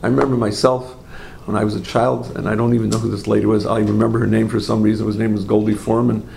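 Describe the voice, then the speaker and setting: A man teaching a religious class, an animated storyteller who asks rhetorical questions, makes asides to his listeners, and often corrects himself mid-phrase. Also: on the low side, quick pace, creaky, slight background noise. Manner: frequent self-corrections and trailing phrases. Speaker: Torah teacher.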